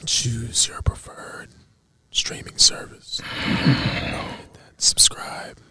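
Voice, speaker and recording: A podcast co-host whispering hesitantly in ASMR style, reluctant and careful. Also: male voice, extremely slow, bright, forceful tone.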